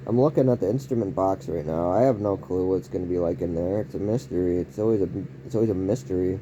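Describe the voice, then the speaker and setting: A man rambles casually through a home vlog, reaching for odd, oversized words and now and then yelling something out. His voice sits low and mellow, with a dark, relaxed tone. A faint hum of background noise runs underneath. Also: quick pace. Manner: rambling, odd word choices, occasional yelled outbursts. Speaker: vlogger. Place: indoors at home.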